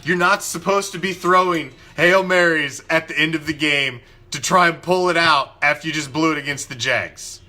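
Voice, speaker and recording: A man's voice: on the high side, moderate pace, hardly any pauses, sharp tone. Profane ranting male sports host. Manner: angry, profane, emphatic ranting with repetition. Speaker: host of a fan show. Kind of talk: ranting live sports commentary.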